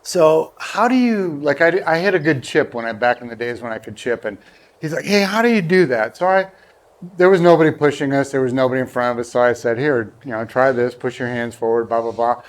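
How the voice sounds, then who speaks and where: A man's voice: medium pitch, fairly quick. A man telling a long, rambling golf anecdote in casual chat, acting out the people he quotes. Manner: rambling storyteller, acts out quoted voices. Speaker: guest golfer.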